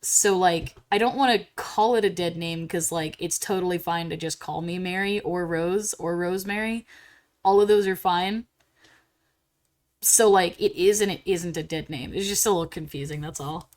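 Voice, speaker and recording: A young woman streaming live while drawing, chatting casually and getting bubbly and squealy when excited. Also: fairly low pitch, normal speed.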